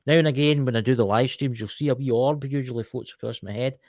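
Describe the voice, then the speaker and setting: A man's voice: mid-range voice, fast, darkish tone, no echo, studio quality. A man with a Scottish accent, a podcast guest telling a story in a chatty way, with many asides. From Scotland. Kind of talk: casual podcast chat.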